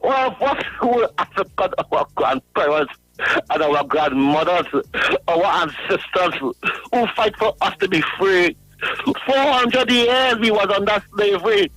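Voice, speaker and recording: A man calling in to a radio show, ranting in a high voice, laughing through his words and mocking a critic again and again. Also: measured pace, fairly bright tone, no echo, poor audio. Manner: repetitive, mocking, addresses a critic by name. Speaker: radio caller. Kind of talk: ranting call-in. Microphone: phone line.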